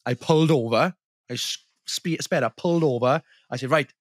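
A man's voice: mid-range voice, fairly quick, no echo, clean studio sound. A young man co-hosting a podcast, laid-back and teasing, laughing often as he tells a story. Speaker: podcast co-host. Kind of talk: casual chat.

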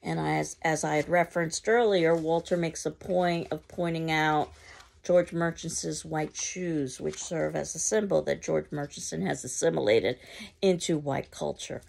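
Woman lecturer, low register, very gravelly voice, measured explanatory delivery. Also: fairly even intonation, a little mellow. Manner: measured, explanatory, with occasional ums and restarts. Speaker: literature teacher. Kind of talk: recorded literature lecture.

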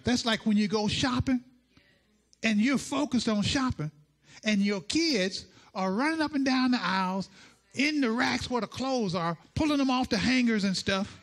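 A male pastor delivering a sermon, playful and animated, acting out quotes as he teaches. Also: very high-pitched, moderate pace.

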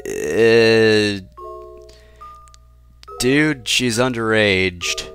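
A man's voice: fairly low pitch, sing-song, normal speed, a bit bright, soft background music. A man giving sarcastic gameplay commentary, cracking jokes and talking back to the game's characters. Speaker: let's play host.

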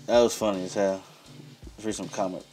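A man's voice: on the low side, fairly even intonation, a little fast, a little mellow, soft background music. A man hosting a reaction video, talking casually and reading viewer comments aloud. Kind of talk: casual chat.

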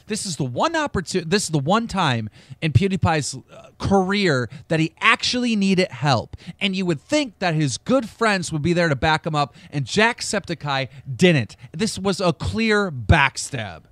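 A man's voice: high voice, sing-song, a little slow, fairly bright tone, no room sound. A male podcast host arguing heatedly in a debate, combative and profane, repeating his points insistently.

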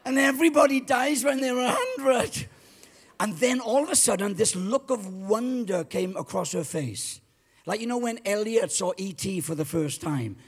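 A man's voice: sits high, moderate pace, breathy edge. A Welsh man in his seventies preaching a sermon as a guest pastor, telling stories with exuberance and rallying the congregation. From Wales. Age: 70s. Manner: exuberant storyteller, rallies the crowd. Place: church.

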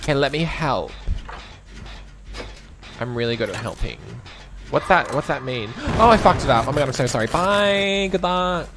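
A man's voice: mid-range voice, lively intonation, normal speed, long pauses, noisy background. A young man playing a video game and commenting as he goes, camp and sassy, swearing freely and breaking into shrieks and laughter. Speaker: gaming streamer. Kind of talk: live gameplay commentary.

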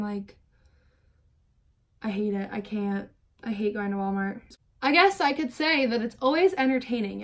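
A young woman with a slightly high voice chats her way through a makeup routine for her vlog. Her stories ramble, packed with "like," and she sounds openly fed up when she complains. She is talking casually to camera at home. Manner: rambling, lots of filler "like"; exasperated, venting. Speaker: beauty vlogger. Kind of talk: chatty get-ready-with-me storytelling.

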